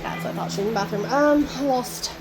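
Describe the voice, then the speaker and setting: A woman's voice: a little high, fast talker, background noise. A woman vlogging at home in a rambling, profane rant, laughing between her thoughts. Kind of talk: casual rant to camera. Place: at home, indoors.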